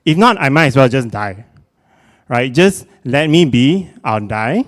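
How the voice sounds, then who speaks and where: A young man with a Singaporean English accent giving a self-mocking comic spoken-word performance, exclamatory and animated. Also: medium pitch, measured pace.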